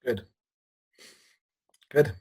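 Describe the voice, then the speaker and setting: A woman tutor talking casually in a warm, openly emotional way. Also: very slow. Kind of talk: casual chat.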